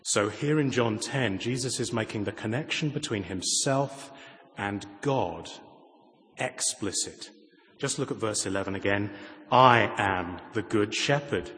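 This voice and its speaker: A man preaching a sermon, moving from raised, emphatic lines to quiet, intimate asides and pointed rhetorical questions. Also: on the low side, measured pace. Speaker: pastor. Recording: long reverb of a large hall.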